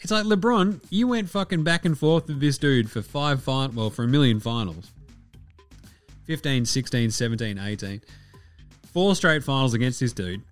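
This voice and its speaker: A man's voice: medium pitch, animated, moderate pace, faint music behind. A man hosting a sports podcast, ranting bluntly and swearing freely. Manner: blunt, profane, opinionated. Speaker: podcast host. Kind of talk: casual sports podcast rant.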